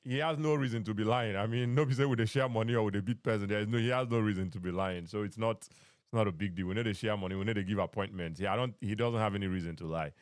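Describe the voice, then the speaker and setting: A man's voice: lowish voice, racing, dry recording, clean studio sound. A man with a Nigerian accent hosting a live call-in podcast, mixing in Pidgin and often repeating his phrases. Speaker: podcast host. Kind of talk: live-stream call-in chat.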